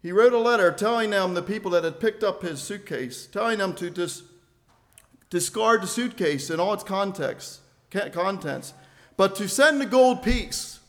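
An older man preaching a sermon, building to emphatic loud phrases and then dropping to a quiet, low delivery. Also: expressive, normal speed.

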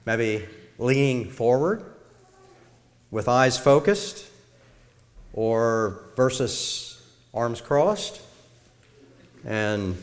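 Middle-aged guy preaching slow and measured, big hall reverb trailing off. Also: mid-range voice, animated. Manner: measured, demonstrates tones of voice. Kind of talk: sermon-style talk to a congregation. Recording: long reverb of a large hall.

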